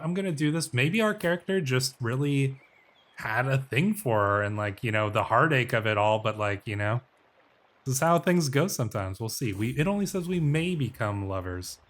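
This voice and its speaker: A man talks through his strategy game as a role-play, speaking as the ruler he plays. He muses aloud, stops to correct himself, and reads event text in a slightly theatrical voice. His pitch sits in the middle range. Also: fairly bright tone. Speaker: game let's player.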